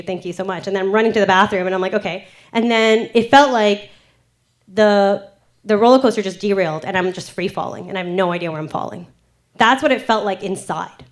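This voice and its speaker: A woman in her thirties from Canada telling a candid personal story on stage, animated and frank, acting out her own quotes. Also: medium pitch. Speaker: storytelling speaker. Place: event stage before an audience.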